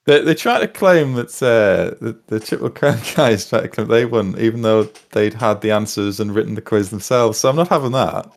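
A man's voice: fairly low pitch, lively intonation, normal speed, vocal fry, hardly any pauses. A man, co-hosting a podcast in casual chat, with dry, wry humor. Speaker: podcast co-host.

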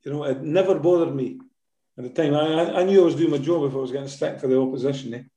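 An older Scottish man tells football stories in an easy, rambling way, dropping in fillers and little tag questions. His voice is mellow and sits a touch high. The sound carries a clear room echo. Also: fast. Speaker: former footballer, guest. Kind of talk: casual interview storytelling.

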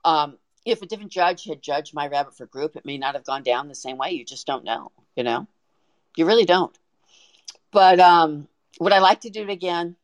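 A woman guest on a podcast, telling a story in an excited, animated way with frequent restarts. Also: low voice, normal speed, dry recording. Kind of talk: casual storytelling.

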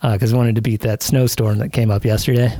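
A man's voice: mid-range voice, little pitch movement, quick pace, warm tone, no echo. Profane storytelling podcast host, man. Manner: profane, laughing while telling a story. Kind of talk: casual storytelling chat. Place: podcast studio.

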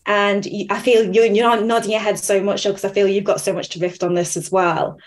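A woman's voice: mid-range voice, a little fast. A woman hosting a podcast, chatting casually and acting out the voices in her stories. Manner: animated storyteller, acts out quotes. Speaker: podcast host. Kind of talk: casual interview chat.

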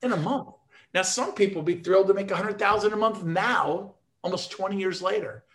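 A man's voice: high voice, fairly quick. A man speaking to agents on a video call, telling his sales stories with punchy, emphatic energy and jokes. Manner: energetic, emphatic, jokey storyteller. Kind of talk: motivational talk on a video call.

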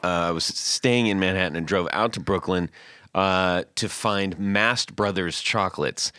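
A man hosting a podcast, chatting casually and telling stories in a jokey, animated way. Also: sits low, unhurried, very noisy. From California. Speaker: podcast host. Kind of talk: casual chat.

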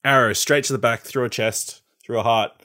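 A man chatting casually as a podcast co-host, laid-back and jokey, often trailing off softly. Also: mid-range voice, fairly even intonation, a little fast, no echo, studio quality. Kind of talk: casual chat, TV episode predictions.

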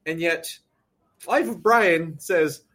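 A man co-hosting a casual podcast and throwing in wry, sarcastic quips. His voice sits a little higher than most men's. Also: takes it slowly, a bit bright, slight background noise. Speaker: podcast co-host. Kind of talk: casual chat.

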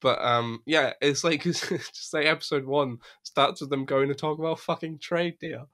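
A podcast co-host chats casually in a slightly bright, higher-pitched voice at a normal speed. He rambles, swears freely, and laughs a lot.

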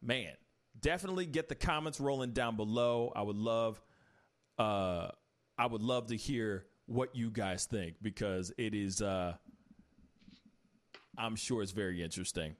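A man's voice: fairly low pitch, a little slow. A man hosting a casual talk show, chatty and laughing easily. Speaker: host.

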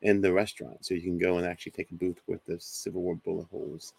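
Low gravelly man telling a ghost story. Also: quick pace. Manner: animated storyteller, acts out voices of others. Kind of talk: casual storytelling on a talk show.

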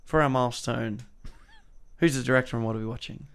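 A man co-hosts a casual film podcast in a laid-back way and laughs often. His voice has a gravelly edge. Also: mid-range voice, fast. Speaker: podcast co-host.

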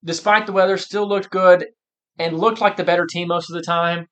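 A man's voice: high-pitched, fairly even intonation, moderate pace, a bit bright. A man co-hosting a casual sports podcast, talking emphatically and animatedly with many restarts. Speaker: podcast co-host.

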